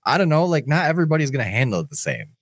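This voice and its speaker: A man's voice: on the high side, racing, no echo. Guy chatting about ghost hunts, voice jumps all over, swears a lot, dry close sound. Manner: animated, swears freely, acts out his own reactions. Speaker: paranormal investigator guest. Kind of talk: casual chat.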